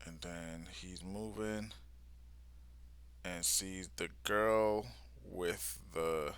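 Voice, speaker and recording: Slow, bright-toned man reacting casually. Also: low voice, steady tone, smooth. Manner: casual slangy talk that drops to near-whispers. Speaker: vlogger reacting live to a manga. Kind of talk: live reaction, retelling a comic.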